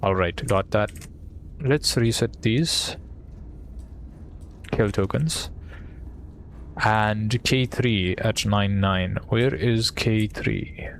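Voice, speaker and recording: A man's voice: on the low side, extremely slow, pauses often, slight background noise. A man streaming a game, chatting casually and playfully while thinking aloud and reading bits to himself. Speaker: gaming streamer. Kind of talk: casual gameplay commentary.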